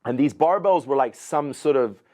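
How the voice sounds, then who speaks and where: A man's voice: mid-range voice, normal speed. A middle-aged man, a podcast guest, telling a long story in casual chat, swearing freely and acting out what other people said. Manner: animated, profane, acts out other people's lines.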